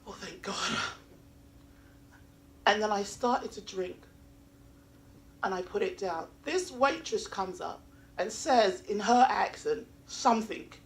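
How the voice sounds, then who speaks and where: A woman from England with an English accent, doing open mic stand-up comedy with animated storytelling and acted-out voices. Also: medium pitch, unhurried, slight background noise. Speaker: stand-up comic. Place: small comedy venue.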